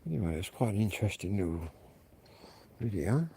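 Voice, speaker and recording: A man with an English accent and a fairly low voice talks into his camera on a night walk. He tells stories in a blunt, slangy, casual way. The recording is noisy, with a steady hiss behind his voice. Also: brisk, gravelly. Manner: chatty, blunt, slangy storytelling. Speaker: vlogger. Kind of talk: casual walk-and-talk vlog. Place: outdoors at night walking, then indoors at home.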